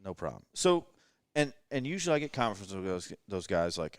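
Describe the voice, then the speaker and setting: A man in his thirties with a low voice tells self-deprecating stories in a relaxed late-night chat. The sound is close and dry, as if recorded around a table in a rental house. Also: brisk, smooth, no room sound. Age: 30s. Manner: self-deprecating storyteller, joking. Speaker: podcast guest shooter. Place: rental house living room.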